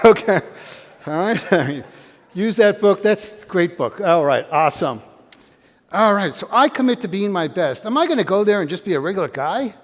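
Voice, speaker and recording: An older man with a fairly high voice delivers a lively motivational talk, firing questions at his audience and urging them to join in. His voice rings with a long hall reverb, as if in a large room. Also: normal speed. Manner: energetic, quizzes and calls out to the audience. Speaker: motivational speaker.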